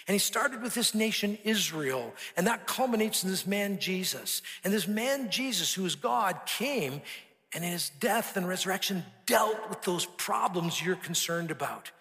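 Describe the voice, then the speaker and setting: A man's voice: high-pitched, lively intonation, normal speed, sharp tone, soft background music. A man preaching a sermon, telling a story earnestly and building emphasis through repeated phrases. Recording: long hall reverb.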